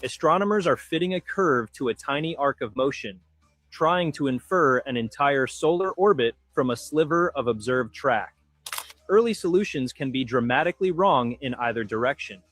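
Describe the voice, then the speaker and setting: A man's voice: medium pitch, expressive, normal speed, a bit bright, dry recording. Man narrating a science documentary, dry. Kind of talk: scripted narration.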